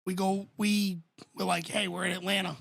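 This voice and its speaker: A man spins an animated, profane story on a casual podcast. His voice is gravelly and a little husky with a bright, forceful edge. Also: high-pitched, normal speed. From Boston. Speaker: podcast co-host.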